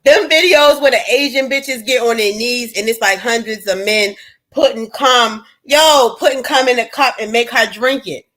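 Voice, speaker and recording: A woman, hosting a livestream and ranting bluntly and profanely to her chat, swinging between loud and low. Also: normal speed. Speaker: livestream host. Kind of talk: casual livestream rant.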